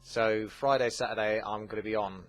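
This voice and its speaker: A man's voice: fairly low pitch, steady tone, soft background music. A man hosting a gaming channel, casually answering viewer questions, chatty and full of fillers. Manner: chatty, with many fillers and quick asides. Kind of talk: casual Q&A commentary.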